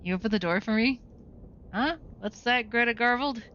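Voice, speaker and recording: A playful woman plays through a game, reading its text aloud and laughing at her own moves. Her voice is bright and pointed. The recording is somewhat dull and lo-fi. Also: fairly high pitch, a little fast, slight background noise. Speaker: let's-play host. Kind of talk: game playthrough with read-aloud narration. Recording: dull lo-fi sound.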